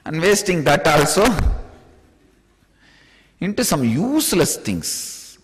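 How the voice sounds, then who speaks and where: A man's voice: a little high, very animated, slow pace, long pauses, long reverb tail. A man from India with an Indian accent giving a spiritual discourse, playful and laughing often as he throws out rhetorical questions. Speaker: spiritual teacher.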